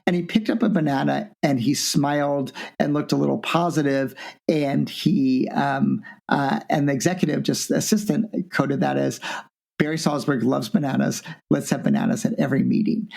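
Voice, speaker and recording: A man, a business professor guest on an interview podcast, telling stories in a lively way and acting out quoted people with big jumps in his voice. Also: on the high side, normal speed, vocal fry. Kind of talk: animated interview storytelling.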